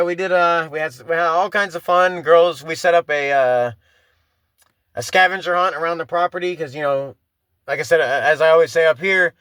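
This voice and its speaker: A man in his thirties hosts a solo podcast in a loose, rambling way, full of "you know" and restarts, and swears freely. His voice is bright and sits a little high for a man. The recording is dry and close, with no room sound. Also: clear, resonant tone, no room sound. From Florida. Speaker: podcast host. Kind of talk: casual solo podcast chat.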